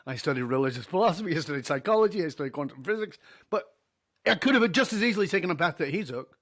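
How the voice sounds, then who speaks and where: A man's voice: on the high side, expressive, fast talker, a bit bright. A middle-aged man, a podcast guest, telling a story in an interview, acting out the dialogue and laughing easily.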